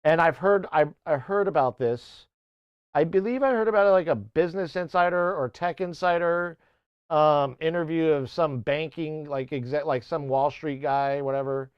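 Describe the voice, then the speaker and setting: Rambling streamer man, smooth voice. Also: on the high side, normal speed, no echo, lo-fi sound. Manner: rambling, swearing, self-interrupting; playful mock accents for chat. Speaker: music streamer. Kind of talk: casual live-stream chat.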